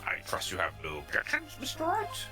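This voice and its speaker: A mild, fussy old judge who speaks formally and gently, as a man reads his lines. His voice rises and dips in a very lively way. Game music sounds clearly behind him. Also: very high voice, brisk, full character voice. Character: polite elderly male judge, mild and fussy.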